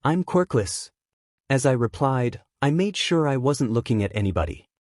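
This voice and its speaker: A man reading a fanfiction story aloud as a first-person narrator, in a subdued, even way of telling it. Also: medium pitch, fairly quick, no echo, clean studio sound. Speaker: fanfiction reader.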